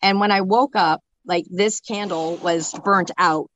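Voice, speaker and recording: A young woman telling an emotional personal story in a halting way, full of fillers and restarts. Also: lowish voice, steady tone, fairly bright tone, muffled recording, a little hiss or hum. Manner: halting, filler-heavy talk with many restarts. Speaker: storyteller sharing a personal loss.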